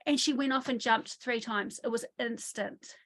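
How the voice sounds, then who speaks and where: A woman working as a trauma therapist, speaking in an online interview from her country home over a video call, telling lively stories and acting out what people said. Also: a little high, normal speed. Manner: lively storytelling, often acts out quotes.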